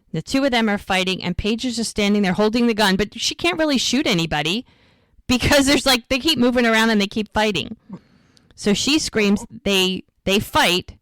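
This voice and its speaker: A woman co-host recaps a drama episode in a casual, animated way and slips into the characters' lines. Her pitch sits in an ordinary middle range. The recording is dry and close, with little room sound. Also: no echo. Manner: animated retelling, acts out quoted lines.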